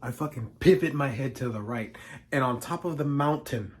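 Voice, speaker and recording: A man's voice: medium pitch, normal speed. A young man telling a storytime vlog with sarcastic, profane humor. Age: young adult. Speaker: vlogger.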